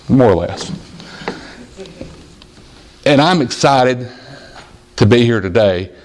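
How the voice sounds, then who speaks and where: A man of middling pitch preaches to his congregation. He tells stories in an earnest, steady way and sometimes jumps to a high child's voice when quoting a little boy. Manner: storytelling, plain earnest preaching. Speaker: pastor. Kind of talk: sermon. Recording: audio-only church sermon recording.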